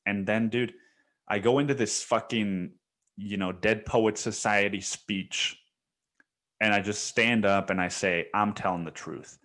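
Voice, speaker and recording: A man's voice: fairly low pitch, steady tone, measured pace, fairly bright tone. A young man hosting a solo podcast, telling a story in a rambling, profane way with many restarts. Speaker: podcast host.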